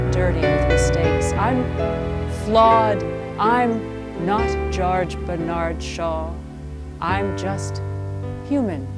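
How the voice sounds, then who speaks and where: Woman host, free-associating improv monologue, playful, music under her. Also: fairly low pitch. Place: public-access TV studio.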